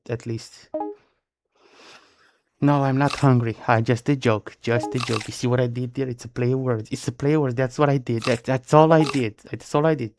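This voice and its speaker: A man's voice: medium pitch, darkish tone. Romanian guy live streaming, goofy puns, says everything twice, noisy audio w clicks. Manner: playful, punning, repeats phrases in bursts. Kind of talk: casual live-stream chat with viewers.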